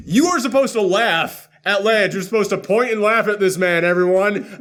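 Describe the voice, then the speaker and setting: A man hosting a casual movie reaction chat, sarcastic and laughing often as he acts out scenes in quick voices. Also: high voice, big pitch swings, a bit bright. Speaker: podcast host.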